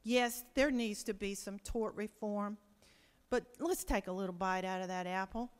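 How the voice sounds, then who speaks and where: A woman's voice: medium pitch, normal speed, smooth. A woman state senator gives an impassioned floor speech, pleading and asking rhetorical questions. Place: large legislative chamber. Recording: long reverb of a large chamber.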